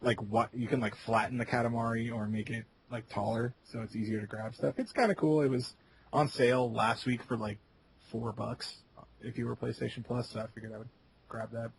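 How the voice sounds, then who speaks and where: A man co-hosting a casual gaming podcast, relaxed and rambling, swearing casually as he talks. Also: medium pitch, a little hiss or hum, poor audio. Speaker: podcast co-host.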